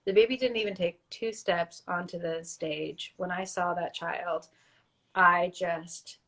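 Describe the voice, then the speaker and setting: A woman guest in a casual interview, telling her story in an animated way and acting out what others said. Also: on the low side, a little slow. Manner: animated storytelling, acts out quotes. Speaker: actress guest.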